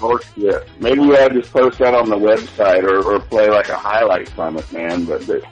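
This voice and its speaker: A man's voice: fairly low pitch, steady tone, normal speed, faint music behind, poor audio. A man co-hosting a casual talk show, loose and full of fillers. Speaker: show co-host. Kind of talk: casual radio chat.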